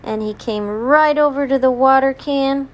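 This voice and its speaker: A mother reading a children's story aloud in a gentle, expressive way. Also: high-pitched, normal speed.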